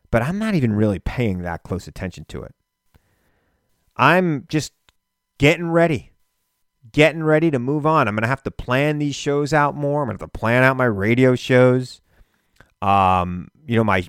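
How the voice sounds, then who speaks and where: A man hosting a political show, delivering an animated, indignant monologue full of rhetorical questions. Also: fairly low pitch, clear, resonant tone, dry recording, clean studio sound. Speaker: political radio and podcast host.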